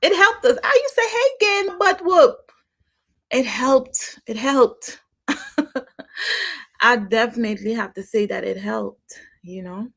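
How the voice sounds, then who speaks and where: Middle aged woman chatting slow on her podcast, highish voice, laughs a lot. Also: big pitch swings, vocal fry, a bit bright. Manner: chatty, repeats herself, laughs often. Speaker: podcast host. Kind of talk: casual monologue.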